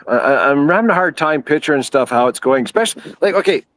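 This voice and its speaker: A man's voice: on the high side, lively intonation, quick pace, fairly bright tone, dry recording. A man calling into a talk show by phone, hesitant and apologetic. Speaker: caller.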